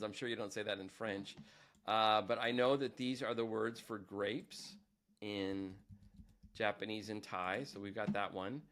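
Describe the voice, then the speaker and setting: Give me a chatty male teacher with a mid-range voice, joking at himself in a quick tutorial. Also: mid-range voice, a bit bright. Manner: chatty, self-deprecating, thinks aloud. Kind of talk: screen-recorded tutorial.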